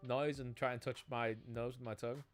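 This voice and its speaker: A man streaming a game, chatting casually in an excitable way and laughing often. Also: medium pitch, brisk, faint music behind.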